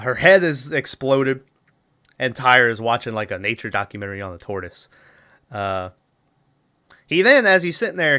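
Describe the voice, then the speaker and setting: A man co-hosting a podcast casually recaps a film's plot in a rambling way, laughing often and acting out lines. His voice is medium-pitched, bright and forceful.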